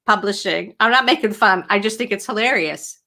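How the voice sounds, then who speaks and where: A middle-aged woman hosting a casual livestream from home as a writing coach, talking in a chatty, animated way and answering viewer questions. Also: medium pitch, brisk. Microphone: webcam or computer mic at home.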